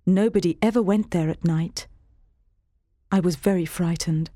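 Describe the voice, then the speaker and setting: A woman reads a storybook aloud in a steady, clear first-person voice. The sound is dry and close, with no room around it. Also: fairly low pitch, moderate pace, no echo. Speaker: narrator. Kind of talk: scripted storybook narration.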